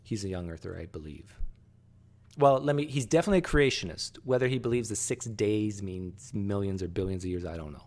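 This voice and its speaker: A man hosting a casual discussion, animated and halting, often restarting sentences. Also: fairly low pitch. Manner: animated, rises sharply when pressing a point; halting, frequent restarts and fillers. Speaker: host.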